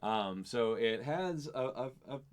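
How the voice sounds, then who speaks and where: A man narrating a tabletop game as game master in a casual, halting way. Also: mid-range voice, lively intonation, clean tone.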